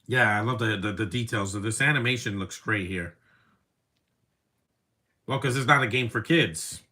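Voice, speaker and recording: A man's voice: on the low side, moderate pace, sharp tone. A man giving casual live commentary over a movie, rambling from one opinionated aside to the next.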